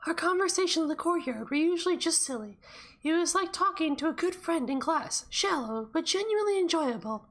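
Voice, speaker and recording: A hoarse woman voicing an earnest, gentle teenage schoolgirl in a visual novel, with a soft read-aloud delivery. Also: very high-pitched, expressive, brisk, a little hiss or hum, voice pushed up. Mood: wistful. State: hoarse throat.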